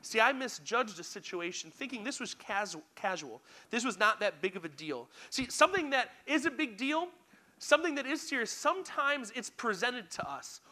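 A young man preaching to young listeners, telling stories in an animated, self-deprecating way and speaking straight to them. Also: very high voice, normal speed. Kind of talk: storytelling sermon.

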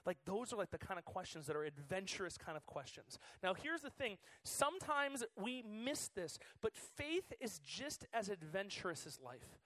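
A man in his thirties giving a chatty, excitable sermon to students as their youth pastor, full of fillers. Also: high voice, normal speed, few pauses, no room sound. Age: 30s.

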